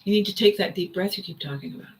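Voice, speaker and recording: A woman quoting her teasing, caring friend on the phone, coaxing her to slow down. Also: medium pitch, close to an everyday voice, rough recording.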